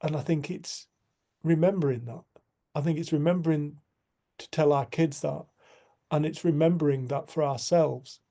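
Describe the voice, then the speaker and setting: A man's voice: on the high side, fairly even intonation. A man giving an earnest, reflective spiritual talk to a community group, telling a personal story. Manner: earnest, storytelling, soft and slow at times.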